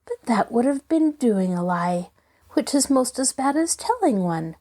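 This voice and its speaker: A woman's voice: fairly high pitch, big pitch swings, unhurried, dark tone. A woman doing a timid, pleading young girl. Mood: earnest.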